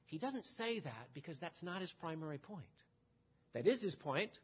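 A man preaching an expository sermon in a measured teaching manner, posing rhetorical questions and answering them. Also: a little high, big pitch swings, slightly rough, muffled recording.

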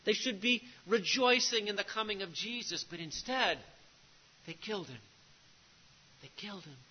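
High-voiced man preaching a sermon. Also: moderate pace, muffled recording. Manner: emphatic preaching, repeats key phrases, drops to a hush on grave lines.

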